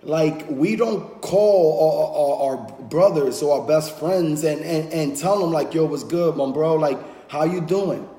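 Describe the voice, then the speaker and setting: A man in his thirties, a podcast host, chatting casually and telling animated stories about his friends. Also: a little high, unhurried, hardly any pauses. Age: 30s. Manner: animated storytelling, acts out friends' voices. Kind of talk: casual chat. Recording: echoey room with long reverb.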